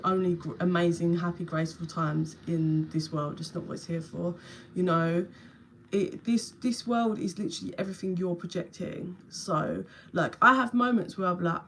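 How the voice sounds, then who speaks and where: A woman's voice: on the low side, a bit bright, a little hiss or hum. A young woman with a London accent giving a tarot reading on a live stream from her phone. She chats casually, swears now and then and speaks to viewers by name. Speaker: tarot reader.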